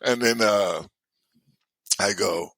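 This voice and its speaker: Guy in his 60s spinning an old ballgame story, bright forceful voice, laughs a lot, slow and easy delivery, dry close sound. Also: lowish voice, dry recording. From United States. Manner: animated, laughs often, acts out the people in his stories. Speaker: guest, former baseball player. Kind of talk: casual storytelling.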